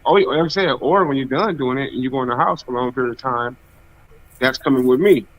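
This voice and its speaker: A man's voice: mid-range voice, fast talker, slight background noise. A man from Michigan chatting casually and repeating phrases as he talks. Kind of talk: casual chat. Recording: dull lo-fi sound.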